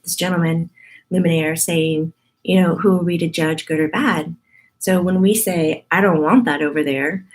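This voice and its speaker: Husky-voiced woman teaching, chatty. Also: fairly low pitch, a little mellow. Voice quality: husky morning voice. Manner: chatty, laughing, playful asides. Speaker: spiritual medium teaching a group. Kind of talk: casual spiritual teaching talk.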